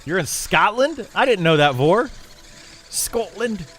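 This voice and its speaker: A man's voice: sits high, very animated, moderate pace, fairly bright tone, soft background music. A young man streaming a game and chatting casually with viewers, rambling with lots of fillers and restarts. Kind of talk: casual livestream chat with viewers.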